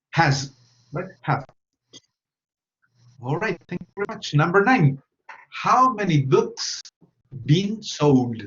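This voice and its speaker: Slow, patient male teacher. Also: a little high, a bit bright, lo-fi sound. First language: Spanish. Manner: patient, repeats questions and prompts students. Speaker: English teacher. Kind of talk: classroom English lesson.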